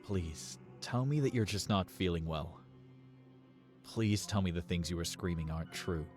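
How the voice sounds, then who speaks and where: A man playing a tall, calm security guard with an Australian or New Zealand accent, gently pleading with a young woman. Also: deep voice, moderate pace, natural voice. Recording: faint music behind.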